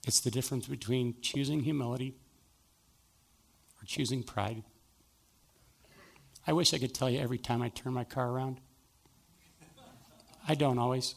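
Middle-aged pastor guy, gravelly husky voice, acts out the dialogue while he preaches. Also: mid-range voice, moderate pace, long pauses. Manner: animated storyteller acting out both sides of a dialogue. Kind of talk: sermon with storytelling.

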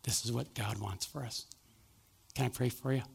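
A middle-aged man preaches with a gravelly, husky voice. He tells his story in an animated way and acts out each person's lines as he goes. His pitch sits in the middle of the range. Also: normal speed. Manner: animated storyteller acting out both sides of a dialogue. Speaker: pastor. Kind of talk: sermon with storytelling.

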